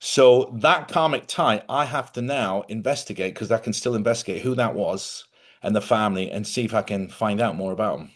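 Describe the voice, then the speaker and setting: A man's voice: lowish voice, fairly quick. A middle-aged man hosting a casual spiritual talk to viewers, chatty and rambling, correcting himself and laughing often. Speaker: host.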